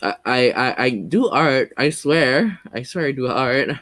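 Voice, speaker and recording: A man's voice: mid-range voice, animated, a little slow, fairly bright tone. A man as a podcast guest in casual chat, hesitant and full of fillers.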